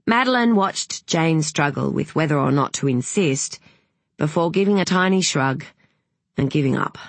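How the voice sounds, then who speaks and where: An audiobook narrator reading a novel in an even, wry storytelling manner. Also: mid-range voice, normal speed, no echo.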